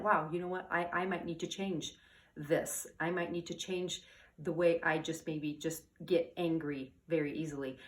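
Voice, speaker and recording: A woman with a voice on the low side speaks as a parenting coach in a casual advice monologue. She rambles, restarts sentences and keeps checking in with "okay?" and "all right?".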